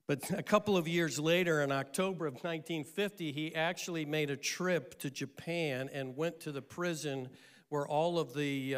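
Middle-aged male pastor, lively storytelling sermon, slightly high, smooth and clear. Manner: animated storyteller with frequent "uh" pauses.

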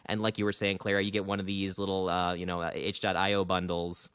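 A man hosting a casual gaming podcast, rambling and animated with lots of fillers. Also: low-pitched, fast, clear, resonant tone, no echo, clean studio sound. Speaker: podcast host.

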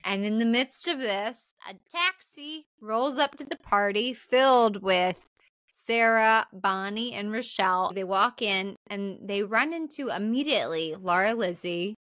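A woman's voice: mid-range voice, a little slow, a bit bright, clean tone, no room sound. A young adult woman co-hosting a podcast, chatting casually through a film recap with lots of fillers and the odd swear word. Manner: chatty, frequent "like" fillers, profane. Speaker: podcast co-host.

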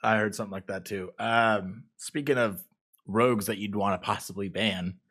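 A man's voice: lowish voice, fairly even intonation, moderate pace, a bit bright, husky. A man co-hosting a casual gaming podcast, laid-back and giving mostly short replies. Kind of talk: casual chat.

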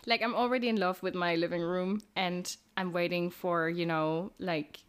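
A woman's voice: lowish voice, fairly even intonation, normal speed, smooth. A young woman co-hosting a podcast, chatting casually with lots of fillers and frequent laughs. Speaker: podcast co-host.

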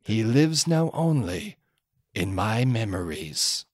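A man voicing a grave narrator who closes a film's story, speaking in a slow, solemn storytelling way. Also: on the low side, very animated, dry recording, clean studio sound, voice pushed down, full character voice.

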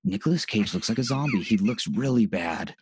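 A man co-hosting a podcast, chatting casually about a movie, talking in halting bursts with many restarts. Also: lowish voice, sing-song, husky. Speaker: podcast co-host. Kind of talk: casual movie review chat.

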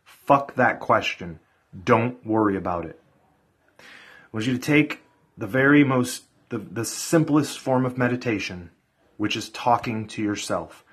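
A man's voice: medium pitch, lively intonation, unhurried, a bit bright, breathy edge. A man giving a blunt, profane motivational pep talk to his viewers in a casual vlog. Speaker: vlogger.

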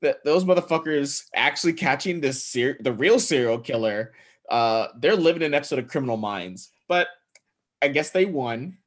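A man's voice: mid-range voice, lively intonation, moderate pace. A man hosting a casual podcast chat, laid-back and wry, steering the talk. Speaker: podcast host.

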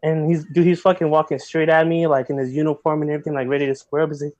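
A man guest on a podcast, telling a story in casual chat, animated and full of slang and filler words. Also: on the high side, rapid-fire, hardly any pauses, dry recording, dull audio. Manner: animated, heavy slang, many filler likes.

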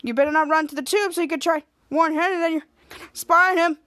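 A woman voicing a blustering grown male superhero boss from a kids' sitcom, loud and demanding. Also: very high-pitched, brisk, dry recording. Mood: bossy.

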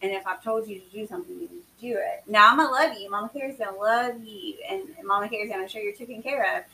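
A woman co-host with a bright, gravelly voice tells her stories with emphatic energy. She sounds a little distant from the mic, with a faint hiss underneath. The chat is casual and lively. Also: mid-range voice, fast. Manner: emphatic, animated storytelling. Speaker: podcast co-host.

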